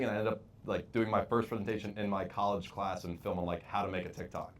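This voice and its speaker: A man's voice: fairly low pitch, flat delivery, quick pace, few pauses, slight background noise. A young man guest on a talk show, rambling casually with lots of "like". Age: young adult. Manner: rambling, heavy filler words. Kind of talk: casual chat.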